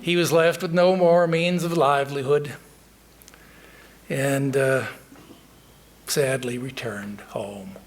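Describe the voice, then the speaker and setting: A male monk delivers a sermon in a temple, telling a story and reflecting in a measured way with frequent pauses and hesitations. His mid-range voice keeps a fairly even intonation, with a little hiss or hum in the recording.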